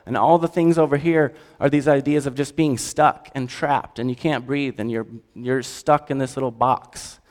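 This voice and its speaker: A man preaching a sermon in a conversational, animated way and asking the audience questions. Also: mid-range voice, moderate pace, hardly any pauses. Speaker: pastor. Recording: long hall reverb.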